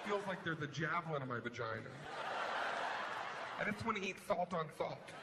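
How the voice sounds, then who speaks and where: A man performing a stand-up comedy routine on stage, animated, swinging between hushed mutters and shouted rants. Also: sits high, brisk. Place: large comedy venue. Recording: live hall with crowd noise. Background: audience laughter.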